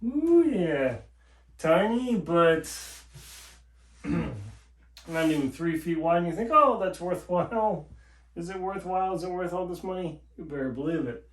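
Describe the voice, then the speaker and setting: A man's voice: a little high, measured pace, fairly bright tone. A man chatting casually to the viewer while building something at home, in a jokey, talkative way. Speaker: home DIY vlogger. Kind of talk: casual how-to narration. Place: home office during building work. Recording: roomy echo in a bare room.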